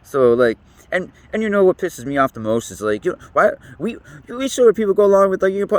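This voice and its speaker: A man's voice: fairly high pitch, very animated, moderate pace, dry recording. A man talking in a rambling, profane monologue as a podcast host, laughing often and swinging between loose musings and heated rants. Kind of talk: casual monologue.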